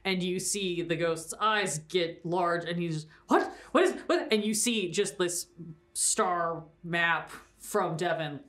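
A woman's voice: on the low side, fairly even intonation, slow pace, a bit bright. A woman running a tabletop game as game master, narrating playfully and laughing often.

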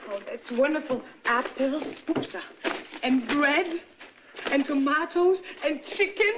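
Flirty French actress. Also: female voice, high-pitched, animated, slow pace. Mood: delighted. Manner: flirtatious, coaxing, breathless. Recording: dull 1960s film soundtrack, faint hiss.

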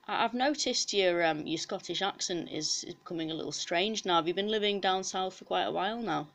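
Soft-spoken woman hosting a mock interview. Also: on the low side, brisk, few pauses. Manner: soft-spoken, quiet, deadpan. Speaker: host and musician.

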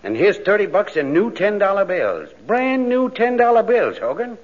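A dim tough-talking cop. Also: male voice, sits high, sing-song, normal speed. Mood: suspicious. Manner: tough-guy, slangy. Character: dim tough-talking male police officer. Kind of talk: 1940s radio comedy acting. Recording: muffled 1940s radio broadcast.

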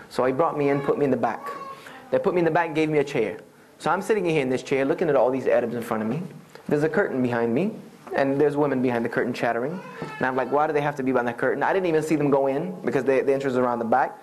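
A man in his thirties tells a humorous personal story to an audience, animated and acting out the people he quotes. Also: medium pitch. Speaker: Islamic speaker telling his conversion story.

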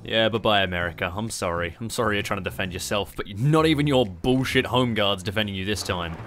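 A man's voice: fairly low pitch, brisk, soft background music. Sweary Australian man commenting on a strategy game. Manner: sweary, excitable, sarcastic asides. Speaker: gaming YouTuber. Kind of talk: casual gameplay commentary.

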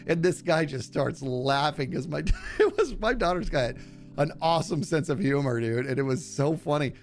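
A man's voice: a little high, animated, moderate pace, faint music behind. A middle-aged man streaming live, telling rambling, self-deprecating stories to his chat in a casual way.

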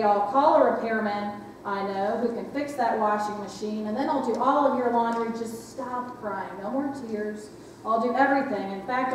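A woman voicing a kindly, soothing mother on the phone who calmly reassures and offers help. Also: on the high side, slight background noise, close to an everyday voice. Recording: echoey church hall from far off.

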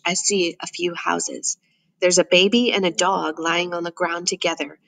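A woman reading a first-person novel aloud as an audiobook narrator, in a steady, measured way. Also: on the low side, dry recording, rough recording.

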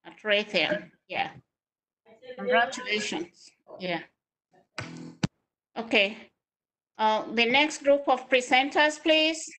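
A woman moderating online student presentations, giving slow, direct instructions. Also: fairly high pitch, fairly bright tone, slight background noise, rough recording.

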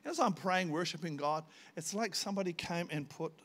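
An older man preaches to a church congregation, his voice sitting a little high for a man. He tells his stories with energy, breaking into sudden shouts as he acts out what was said. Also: brisk. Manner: storytelling, animated, bursts into shouts when acting out scenes. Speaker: visiting pastor. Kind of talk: sermon.

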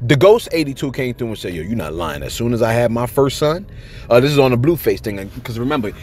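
A man hosting casual celebrity news commentary, chatty and animated, often breaking in to ask "you know what I'm saying.". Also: medium pitch, fast, soft background music.

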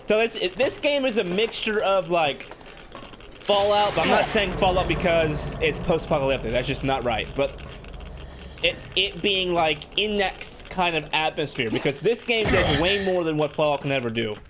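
Excitable young man, lively pitch. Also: moderate pace, noisy background. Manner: excitable, jumpy, shouting when startled. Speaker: gaming video host. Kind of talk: let's play commentary. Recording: loud game sound under voice.

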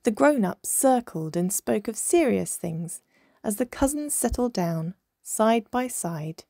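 Slow, expressive woman storyteller. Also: a little high, vocal fry, dry recording, clean studio sound. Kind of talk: children's picture-book read-aloud.

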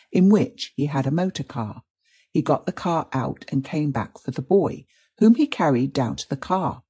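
A man voicing a calm, learned male forensic doctor in an audiobook, explaining evidence in a measured way. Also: on the high side, breathy edge. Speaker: detective. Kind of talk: audiobook reading.

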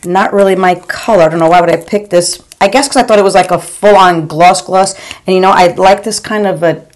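Reviewing makeup in a room at home, a chatty woman in her 40s or 50s calls her viewers "girl" and stumbles into repeated words. She talks fairly quickly in a voice on the low side.

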